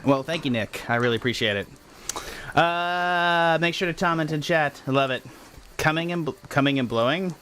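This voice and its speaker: This game master runs a tabletop horror game on a live stream, speaking at a moderate pace in a slightly high, fairly bright voice with a bit of hiss or hum in the audio. His talk is casual and rambling, full of apologies and sentences he keeps restarting.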